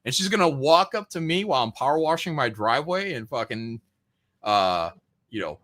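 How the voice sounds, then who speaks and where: A man's voice: mid-range voice, animated, normal speed, a bit bright. A man ranting profanely and mockingly in a casual podcast chat, often mimicking other people. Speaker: podcast host.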